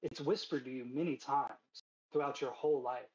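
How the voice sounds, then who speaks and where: A man's voice: mid-range voice, moderate pace, a little mellow. A man narrating as game master in a tabletop game, casual and full of fillers, a bit out of breath. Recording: dull lo-fi stream mic.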